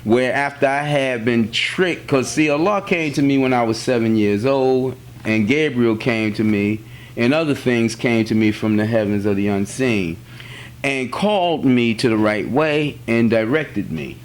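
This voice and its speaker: A religious teacher from the United States gives a spiritual teaching in an earnest, plainspoken way, repeating key phrases and sharing personal stories. His voice is mid-range and a little slow.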